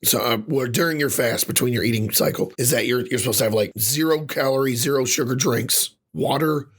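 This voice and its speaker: A man with a husky, rough-edged voice rants his way through a casual podcast chat. He swears freely and gets worked up, his speaking pitch sitting in an ordinary middle range. The roughness comes from a voice still recovering. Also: fairly quick. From Ireland. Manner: animated ranting with frequent swearing. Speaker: podcast co-host.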